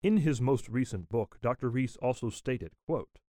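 A man reading a written nonfiction text aloud in a measured, deliberate way, speaking the citations and quote marks as he goes. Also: mid-range voice, lively intonation, dark tone, no echo, studio quality.

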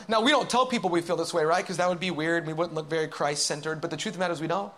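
A man delivers a sermon in a high voice. He swings from loud, urgent calls to hushed, whispered asides as he acts out the doubts of his listeners. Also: very fast, hardly any pauses. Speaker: pastor.

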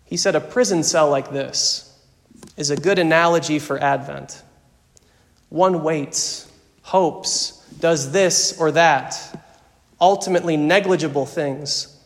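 A man preaching a sermon at a slow, deliberate pace, building rhythmic lists and sinking at times into a hushed voice. His voice sits a little high for a man. The sound rings with the long reverb of a large church. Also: gravelly. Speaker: pastor.

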